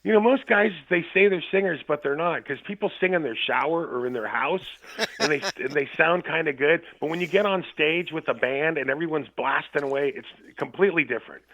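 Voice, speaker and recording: A man's voice: a little high, brisk. A man calling in as a guest musician, telling rambling, profane stories with frequent laughs. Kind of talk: casual storytelling chat. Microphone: phone call. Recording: tinny phone line.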